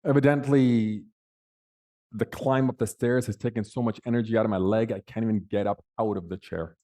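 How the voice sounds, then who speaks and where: A man's voice: fairly low pitch, steady tone, brisk, mellow. Man telling a dramatic personal story. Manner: dramatic, vivid storytelling with big swings in emphasis. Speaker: panel speaker.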